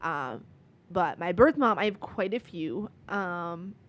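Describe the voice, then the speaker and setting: A woman's voice: fairly low pitch, lively intonation, slow. A woman in her twenties, a podcast guest telling her story in casual, earnest conversation full of "like" and "um". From Michigan, USA. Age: 20s. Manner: earnest, many "like" and "um" fillers.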